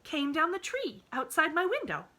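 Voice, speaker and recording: A woman voicing a cheerful, eager little girl who chatters in a high, breathless, bubbly voice. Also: huge pitch swings, moderate pace, pushed and bright, heavily acted.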